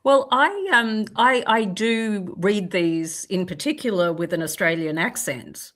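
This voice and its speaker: A woman's voice: medium pitch, expressive, unhurried, fairly bright tone. A woman literary agent chatting and reading a manuscript aloud in a live video Q&A. She is chatty and pokes fun at herself. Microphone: video call.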